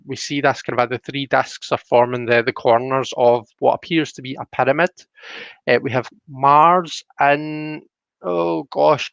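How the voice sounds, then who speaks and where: On a live stream, a Scottish tarot reader with a middle-pitched, fairly bright voice and some vocal fry explains the cards in a chatty, friendly way, full of "you know" fillers and frequent sentence restarts. The audio is dull, lo-fi, and dry, with no room echo.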